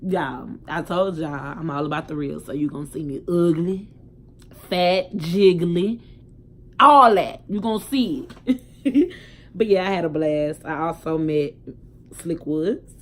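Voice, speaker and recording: Chatty young woman vlogging, low voice. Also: slight background noise. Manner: chatty and candid, talks straight to viewers. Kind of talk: casual storytelling vlog.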